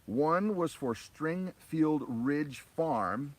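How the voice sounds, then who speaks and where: A man's voice: on the high side, animated, drawn-out words, a little mellow. A man co-hosting a casual family live stream, chatting with viewers in a jokey, upbeat way. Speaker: livestream co-host. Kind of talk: casual livestream chat. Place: outdoors by a lake.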